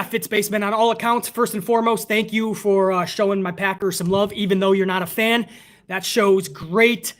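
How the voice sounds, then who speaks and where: High-pitched and a bit bright, this man's voice carries a loose, rambling talk as he hosts a casual wrestling livestream from the United States. The wrestling podcast host swears freely and works himself into heated rants in between reading donations.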